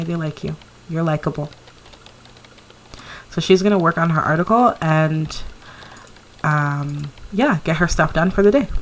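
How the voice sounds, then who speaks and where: A young woman narrates her life-sim gameplay as a let's play, chatty and giggly, cheering her character on. Her voice sits low, with a little hiss or hum in the audio.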